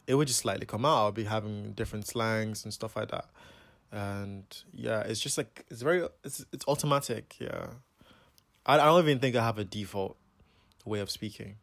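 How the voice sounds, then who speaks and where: Young man from Scotland and Nigeria, reflective casual interview answer, lowish voice, dry close sound. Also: dry recording. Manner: relaxed, reflective, loose with fillers. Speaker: photographer.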